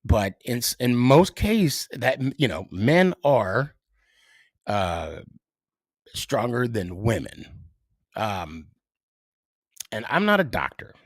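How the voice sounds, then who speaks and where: A middle-aged man talks alone on his podcast, slow and unhurried, and his pitch climbs and falls a lot. He halts often on "uh" and "um" and restarts his phrases. The sound is dry and close. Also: very animated, no room sound. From United States. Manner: hesitant, many fillers and restarts. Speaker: podcast host. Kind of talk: solo podcast monologue.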